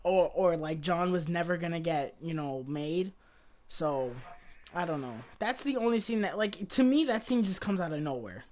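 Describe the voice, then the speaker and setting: A woman's voice: fairly low pitch, expressive, moderate pace, darkish tone. A woman hosting a podcast, chatting loosely about a movie, swearing freely and trailing off. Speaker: podcast host. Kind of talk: casual movie review chat.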